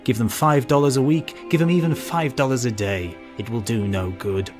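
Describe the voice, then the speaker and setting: A man voicing a bitter, drunken male hitchhiker who talks slowly and slurs his words. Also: mid-range voice, steady tone, over music, natural voice. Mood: drunken grumbling. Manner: slurred, slow, swallowing syllables.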